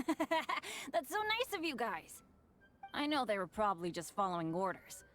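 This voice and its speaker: A woman voicing a cheerful, hapless young boy adventurer who is earnest and quick to apologize in game dialogue. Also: fairly high pitch, huge pitch swings, a bit bright, faint music behind, full character voice.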